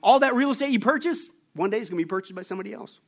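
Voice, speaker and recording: A man preaching a sermon, emphatic and animated as he tells stories. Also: high voice, racing, gravelly. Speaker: pastor.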